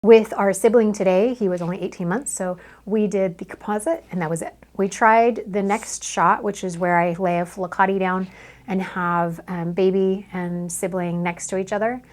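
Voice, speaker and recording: A woman's voice: medium pitch, steady tone, normal speed. A woman photographer talking through a newborn photo session in her studio, chatty and instructive. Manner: instructive, chatty, coos softly to the baby. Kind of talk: explaining a photo session on camera.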